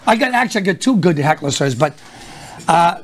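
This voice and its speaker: Animated older man with a Boston accent, telling stories. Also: fairly high pitch, fast, a little hiss or hum. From Boston area, USA. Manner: animated anecdotes with acted-out voices. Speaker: stand-up comedian guest. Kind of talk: storytelling on a talk show.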